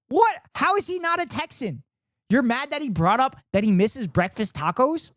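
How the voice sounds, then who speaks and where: A woman's voice: sits high, very animated, moderate pace, no echo, studio quality. A woman streamer reacting to a video in casual commentary, incredulous and profane.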